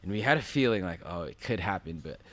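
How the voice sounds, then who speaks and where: A man's voice: quick pace, no echo. A man in his thirties, a podcast guest, telling a story casually and acting out the quoted lines with sudden leaps in his voice. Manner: animated, acts out quotes with big jumps in pitch.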